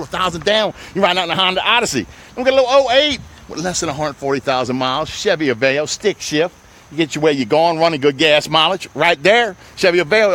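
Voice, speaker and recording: A man selling used cars on his lot in a loud, salesy pitch, calling viewers baby and my people. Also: a little hiss or hum. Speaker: used car dealer. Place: outdoors on a car lot.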